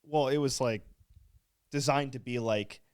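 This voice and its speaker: Man, co-host, easygoing chat, halting with fillers, casual swearing. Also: medium pitch, clean tone. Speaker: podcast co-host.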